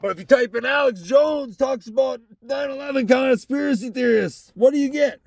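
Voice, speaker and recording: A man's voice: very high-pitched, normal speed, vocal fry, hardly any pauses, darkish tone, no echo. A young man hosting a casual solo podcast from his truck, ranting in a heated, rambling way and swearing constantly. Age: young adult.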